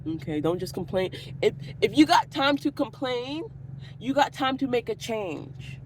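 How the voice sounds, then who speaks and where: A woman's voice: on the high side, expressive, unhurried, a little mellow, slight background noise. Profane rambling woman ranting. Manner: profane, goes off on tangents, laughs a lot. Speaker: vlogger. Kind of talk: rambling casual rant.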